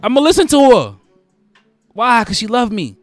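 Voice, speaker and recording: High-voiced man preaching advice, repeating himself. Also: sing-song, normal speed, no room sound, soft background music. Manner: preachy, repeats phrases for emphasis. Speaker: host. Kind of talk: casual monologue giving advice.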